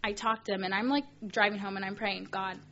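A woman's voice: medium pitch, fairly even intonation, quick pace, sharp tone, highs cut off. Chatty young woman teaching a Bible study. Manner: chatty, full of "like" fillers, earnest. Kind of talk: personal story in a teaching talk.

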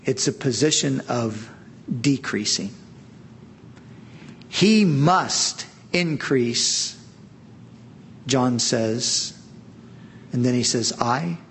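Slow, earnest male preacher. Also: on the high side, gravelly, slight background noise. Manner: earnest, emphatic preaching with slow drawn-out pauses. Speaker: pastor. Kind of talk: sermon.

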